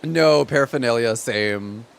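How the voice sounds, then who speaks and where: A man's voice: mid-range voice, unhurried, vocal fry, clean tone. Chatty young man streaming a game. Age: 20s. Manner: chatty, animated storytelling full of "like" fillers. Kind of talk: casual chat while streaming a game.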